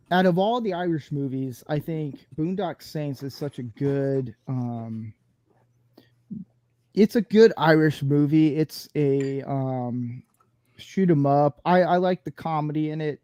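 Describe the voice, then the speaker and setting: A man's voice: fairly high pitch, slow, warm tone, no room sound. A man hosting a casual panel talk show, rambling and laughing as he restarts his sentences. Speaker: podcast host.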